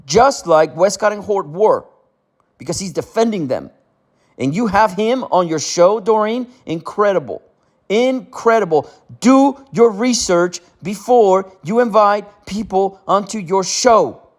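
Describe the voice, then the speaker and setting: Indignant male channel host, slow, high-ish voice, ranting. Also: animated. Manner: indignant, repetitive, frequent "okay?". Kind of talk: ranting commentary.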